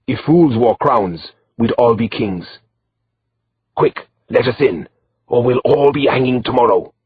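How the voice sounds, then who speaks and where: A man's voice: low-pitched, moderate pace, breathy edge, no room sound, narrow, tinny audio. A man reading the lines of a wry, guarded male guide who speaks with a broken accent, dry and matter-of-fact.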